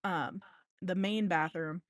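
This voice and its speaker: A woman's voice: on the low side, slow pace. A young adult woman co-hosting a podcast, telling a rambling ghost story in casual chat, with lots of swearing and asides. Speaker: podcast co-host.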